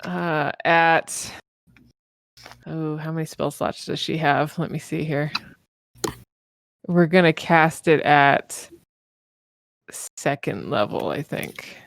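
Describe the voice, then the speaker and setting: A woman's voice: sits low, slow, gravelly, pauses often. A woman narrating a tabletop game as game master, casual and hesitant with many fillers.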